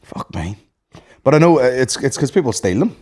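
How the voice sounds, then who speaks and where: Brief: young Northern Irish guy, mid pitch, easygoing, sweary podcast co-host. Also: sing-song, normal speed, darkish tone. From Northern Ireland. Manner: laid-back, sweary, laughs through his stories. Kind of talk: casual chat.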